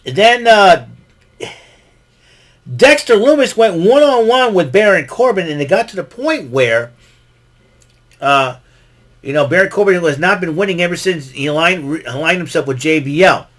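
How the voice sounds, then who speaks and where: A podcast host with a high, expressive, fairly bright voice recaps a wrestling show at a moderate pace with long pauses. He rambles casually, using many fillers and restarts and chuckling often.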